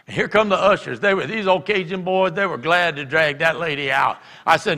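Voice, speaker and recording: A man preaching a sermon, telling stories and acting out shouted quotes. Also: sits high, brisk, few pauses. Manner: animated, acts out shouted quotes. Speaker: pastor. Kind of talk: sermon storytelling. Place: church. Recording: church hall reverb.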